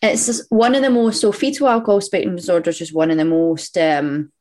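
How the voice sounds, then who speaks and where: A woman's voice: on the low side, steady tone, brisk, dark tone. A young Scottish woman guest on a podcast, chatty, laughing easily and using lots of fillers. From Scotland. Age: young adult. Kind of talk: casual podcast interview.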